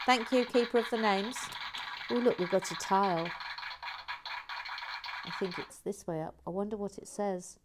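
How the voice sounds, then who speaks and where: A woman's voice: mid-range voice, moderate pace, pauses often, a little hiss or hum. A woman hosting a LEGO building livestream, chatting playfully, reading out viewer comments and scatting little nonsense tunes as she builds.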